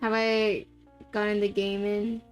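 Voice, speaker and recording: Smooth-voiced giggly young woman streamer. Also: medium pitch, little pitch movement, unhurried, soft background music. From Philippines. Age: young adult. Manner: chatty and giggly, laughs often, swears casually. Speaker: VTuber streamer. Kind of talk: casual live-stream chat while gaming.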